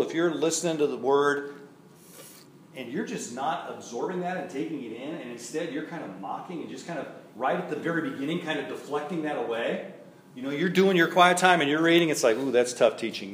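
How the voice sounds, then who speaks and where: A male pastor preaching a sermon in a church, reading scripture aloud and then explaining it in a conversational way that keeps checking in with "right?". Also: a little high. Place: church sanctuary. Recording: roomy echo, faint background noise.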